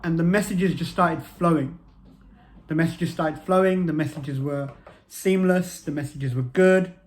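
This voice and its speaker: A man's voice: on the high side, unhurried, darkish tone. A man, telling a personal story to camera in an earnest way and repeating phrases for emphasis. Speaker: motivational vlogger.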